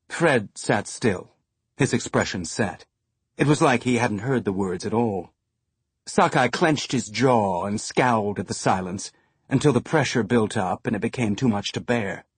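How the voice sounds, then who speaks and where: A man narrating an audiobook in a measured storytelling manner. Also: mid-range voice, breathy edge, dry recording. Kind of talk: scripted narration. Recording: dry studio sound.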